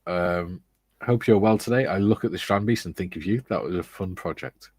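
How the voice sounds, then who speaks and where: A middle-aged man co-hosting a relaxed hobby livestream, reading viewers' comments and adding dry teasing remarks. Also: low voice, moderate pace, breathy edge, dry recording. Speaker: co-host of a model-building livestream. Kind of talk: casual chat reading out live comments.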